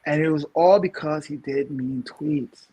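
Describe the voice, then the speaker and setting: A man in his thirties from New York co-hosts a relaxed podcast, speaking a little high and a little slow, with a dark, husky tone. He rambles through his views with many restarts and emphatic outbursts.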